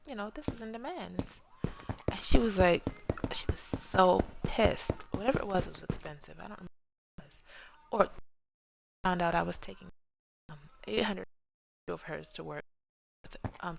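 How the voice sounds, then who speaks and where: Gravelly-voiced woman streamer, rambling chat. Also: on the low side, noisy background. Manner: rambling, chatty storytelling, talks to viewers. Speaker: game streamer. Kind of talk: casual live-stream chat while building.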